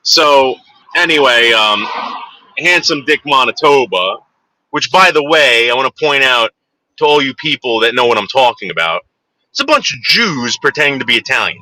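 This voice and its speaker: A man's voice: medium pitch, expressive, normal speed, bright, forceful tone, no room sound, low-quality recording. A man in his forties telling a crude, rambling anecdote, full of fillers and digressions. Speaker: storyteller.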